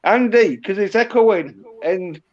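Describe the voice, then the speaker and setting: On a livestream call, a man chats casually in a blunt, swearing manner. His voice sits high and he takes his time, all captured in dull, lo-fi call audio.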